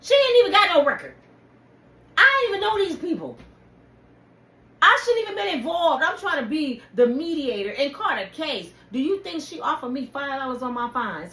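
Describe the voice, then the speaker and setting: Heated, preachy woman with a lively high voice. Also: moderate pace. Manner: heated, preachy, addresses viewers directly. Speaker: channel host. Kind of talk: impassioned personal rant to camera. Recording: echoey room with faint ambient noise.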